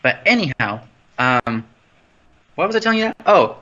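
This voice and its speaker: Streaming casually on his phone from an empty new house, a man rambles playfully and keeps losing his train of thought. His voice is on the high side, sing-song, bright, and pushed, at a moderate pace, and the lo-fi phone audio sounds slightly dull.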